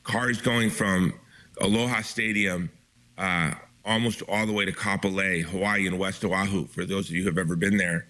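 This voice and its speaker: A low-pitched man talks as a guest author with a forceful, tense edge to his voice. He presses his points urgently and emphatically, often restarting mid-sentence. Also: steady tone, normal speed. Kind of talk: impassioned interview talk.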